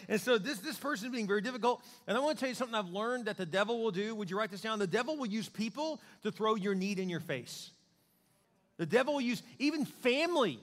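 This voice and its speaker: A male pastor preaching a sermon in a conversational, joking and animated way. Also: high-pitched, a little fast, big-room sound.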